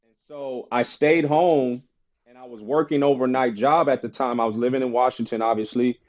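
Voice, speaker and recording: A former basketball player, appearing as a podcast guest in a casual storytelling interview, shares a personal story and imitates the voices of the people he quotes. His voice is mid-range and darkish, with fairly even intonation and a normal speaking speed.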